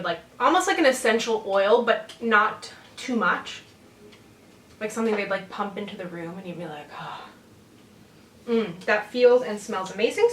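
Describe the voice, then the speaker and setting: Brief: young female beauty vlogger, slightly high voice, rambling and chatty, picked up from across an echoey room. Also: a bit bright, slight background noise. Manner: chatty, laughs often, drifts off topic. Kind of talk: casual haul chat. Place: home room. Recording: roomy and distant home recording.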